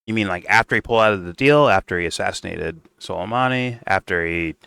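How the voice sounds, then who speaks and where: Man, low-ish bright voice, dry close sound; rambling profane reaction host. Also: fast talker, gravelly, smooth, no echo. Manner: rambling, profane, mocking asides. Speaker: stream host. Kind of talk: casual reaction commentary.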